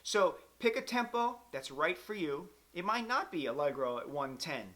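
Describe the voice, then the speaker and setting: A male music teacher with a bright, forceful tone gives a clarinet lesson. He counts the beats out loud and explains each step patiently, keeping his delivery encouraging. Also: fairly high pitch, sing-song, normal speed.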